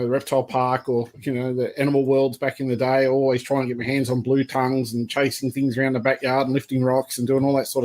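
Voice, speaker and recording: Give me an Australian man in his fifties telling a long, rambling story on a podcast. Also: mid-range voice. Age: 50s. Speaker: guest, python breeder. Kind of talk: casual podcast chat.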